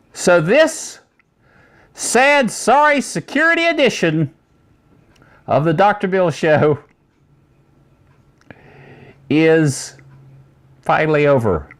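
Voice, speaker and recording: A man's voice: a little high, a bit bright. A man hosting a casual tech news show, talking in a rambling, chatty way with many asides.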